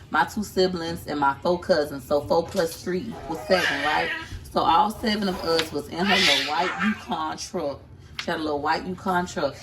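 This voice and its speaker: A woman's voice: on the low side, heavy background noise. A chatty, teasing woman from Tampa, Florida, talking casually to her viewers in a home kitchen while she films on a handheld phone. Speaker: vlogger and mother. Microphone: handheld phone camera.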